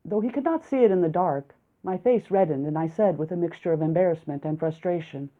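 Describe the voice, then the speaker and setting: A woman narrates an audiobook in a lively storytelling manner, her voice on the low side. The recording is narrow and tinny, like a phone line. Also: a little fast, hardly any pauses. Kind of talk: audiobook reading.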